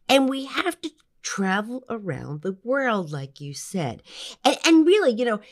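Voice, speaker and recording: A middle-aged woman hosting a health podcast, talking with excitement, animated and full of quick restarts. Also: on the high side. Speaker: podcast host and nutrition professor. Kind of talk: enthusiastic podcast talk.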